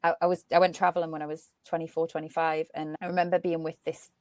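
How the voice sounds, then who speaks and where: A woman's voice: low-pitched, flat delivery, fast talker, no room sound, studio quality. A woman with a Northumbrian accent, a podcast guest talking with emphatic passion in casual conversation. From Northumberland, North East England. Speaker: interview guest.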